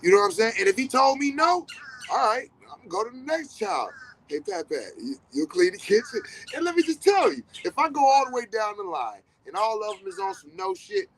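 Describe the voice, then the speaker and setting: A high-sitting male voice comes through a poor recording with a little hiss or hum. He is a middle-aged podcast host giving a casual monologue, blunt and profane, leaning hard on repetition, and telling stories with animation and quoted dialogue.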